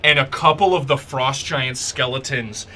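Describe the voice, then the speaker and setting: A man narrates a tabletop game as game master, painting scenes with quick, filler-laden description. His voice is bright and forceful, with average pitch. Faint noise runs under the stream audio.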